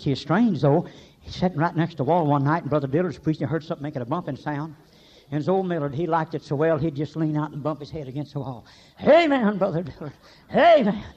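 An older man, preaching a folksy sermon full of stories, swinging between shouts and hushed talk. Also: fairly high pitch, highs cut off. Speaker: pastor.

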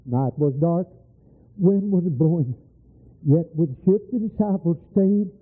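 Older preacher, husky and rough, swooping voice, folksy and fervent, on tinny old tape. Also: male voice, a little high, expressive, moderate pace. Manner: impassioned, storytelling, folksy.

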